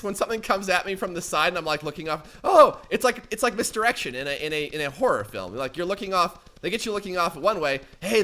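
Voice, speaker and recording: A man's voice: sits high, pushed and bright. A man hosting a gaming channel, giving joking let's play commentary and often yelping in surprise.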